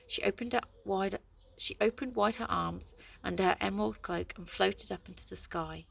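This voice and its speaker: Gravelly, expressive woman reading a storybook. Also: medium pitch, moderate pace.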